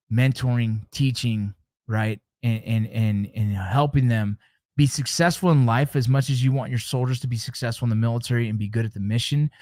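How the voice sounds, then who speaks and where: A middle-aged man at his usual pitch speaks to his audience with earnest, heartfelt warmth, often repeating himself and restarting sentences. The sound is close and dry, with no room echo. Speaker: show host. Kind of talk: casual motivational talk to listeners.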